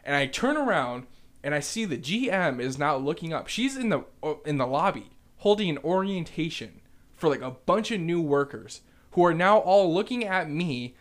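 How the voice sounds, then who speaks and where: A young man with a slightly raised pitch recounting a story on a casual podcast. He jumps between quick and drawn-out phrasing and swears offhandedly. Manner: animated storyteller who swears freely. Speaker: podcast co-host. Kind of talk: casual chat.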